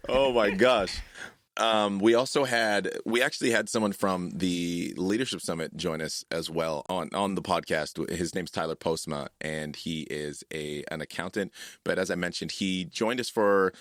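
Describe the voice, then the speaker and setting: Brief: deep-voiced male podcast host in his thirties, chatty and quick to laugh, dry close recording. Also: fairly bright tone, dry recording. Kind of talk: casual podcast chat.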